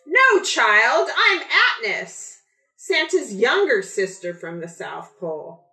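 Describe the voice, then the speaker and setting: Storybook Santa's sister, gruff turned sorry, raised pitch, read by a woman, roomy sound. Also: big pitch swings, slow, pushed and bright, recorded from a distance, heavily acted. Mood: blunt. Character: Santa's gruff younger sister, turning remorseful. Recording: echoey room.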